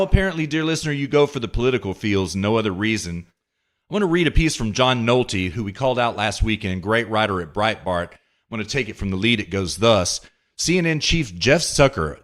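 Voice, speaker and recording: A man's voice: mid-range voice, fairly bright tone. A man hosting a political commentary podcast, reading news excerpts aloud and reacting with sarcastic indignation. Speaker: podcast host.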